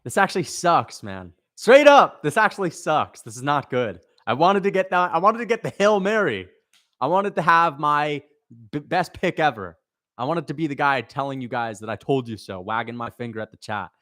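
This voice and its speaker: A man's voice: a little high, lively intonation, moderate pace, pushed and bright, dry recording, studio quality. A young man hosting a livestream, reacting and reading chat messages, frustrated and swearing, repeating himself as he vents.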